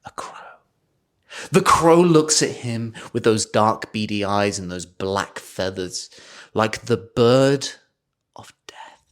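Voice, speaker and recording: A man's voice: fairly low pitch, takes it slowly, clean tone. A man co-hosting a podcast, improvising a comic story in a mock-dramatic way. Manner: animated, breaks into laughter, mock-dramatic. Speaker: podcast co-host.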